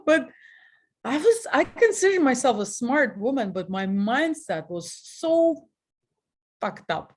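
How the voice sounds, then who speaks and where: A woman in her forties from Russia with a Russian accent, telling frank personal stories as a guest, animated and laughing at herself. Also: high-pitched, takes it slowly, long pauses. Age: 40s. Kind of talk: candid personal storytelling.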